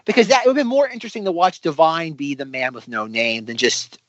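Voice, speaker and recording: A man's voice: a little high, fast, no room sound. A man co-hosting a film podcast, talking casually and thoughtfully, correcting himself as he goes. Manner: thoughtful, lively, self-correcting. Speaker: podcast co-host. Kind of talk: casual film review chat. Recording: dry, slightly muffled audio.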